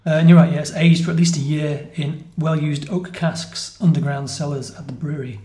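A man's voice: a little high, steady tone, fairly quick, mellow. A man hosting a podcast, chatting casually over a beer tasting and explaining facts as he goes, correcting himself now and then. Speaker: podcast host. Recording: roomy echoey room.

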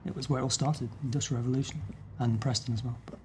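A man's voice: mid-range voice, steady tone, quick pace, warm tone, slight background noise. A man hosting a beer podcast, chatty and teasing in casual talk. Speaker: podcast host. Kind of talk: casual chat.

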